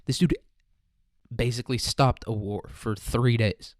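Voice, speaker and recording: A man's voice: mid-range voice, unhurried, no room sound, clean studio sound. A young man hosting a casual solo podcast, rambling, profane and jokey. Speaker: podcast host.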